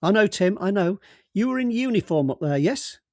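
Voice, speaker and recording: A man voicing a brusque, jovial middle-aged male police boss in an audiobook, talking loudly and bossily and cutting others off. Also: high voice, expressive, moderate pace, dry recording, clean studio sound, pitched above the performer's own voice. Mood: bluff, bossy. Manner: loud, bluff and bossy, cuts others off. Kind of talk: audiobook character voice.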